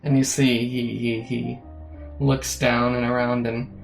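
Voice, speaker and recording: A man's voice: medium pitch, level tone, unhurried, gravelly, soft background music, rough recording. A man running a tabletop game as game master, telling the scene loosely with many fillers. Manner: loose, filler-heavy storytelling.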